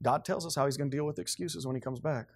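A male pastor preaching a sermon, switching between quiet asides and loud, emphatic passages. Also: medium pitch, fast talker, husky, no room sound.

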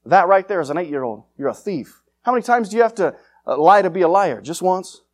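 A man preaching an evangelistic sermon, confrontational and fiery, swinging between loud urgent lines and hushed ones. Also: high-pitched, sing-song, a little fast.

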